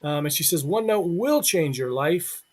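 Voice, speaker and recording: A man's voice: a little high, animated, normal speed, a little mellow, breathy edge. A man hosting a live online show, joking with co-hosts and reading a guest introduction. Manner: joking, reads intro aloud. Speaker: show host.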